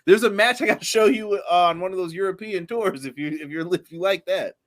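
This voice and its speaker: Male podcast co-host, slightly high pitch, easygoing, laughs often while reading chat. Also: fairly quick. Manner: laughs often, reads out viewer comments. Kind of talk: casual wrestling review chat.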